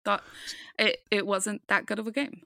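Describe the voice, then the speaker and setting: A woman's voice: mid-range voice, flat delivery, moderate pace, gravelly, pushed and bright, dry recording, studio quality. A woman co-hosting a podcast, chatting casually about a game with frequent ums and restarts. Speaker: podcast co-host. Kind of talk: casual sports chat.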